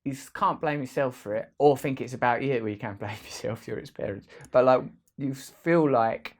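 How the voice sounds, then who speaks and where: A man's voice: mid-range voice, normal speed. A man hosting a casual, rambling vlog, full of playful jokey asides. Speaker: host.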